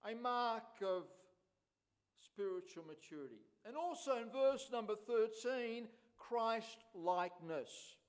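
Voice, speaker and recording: A man preaching a sermon as a pastor in a church, slow and emphatic, repeating key phrases. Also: sits high, lively intonation.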